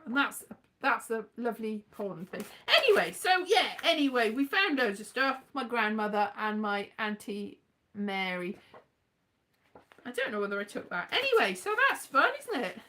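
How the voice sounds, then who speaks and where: A woman's voice: fairly high pitch, big pitch swings, moderate pace, bright, forceful tone. A woman chatting casually in a rambling, giggly vlog. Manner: rambling, chatty, laughs often. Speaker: vlogger. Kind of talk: casual chat.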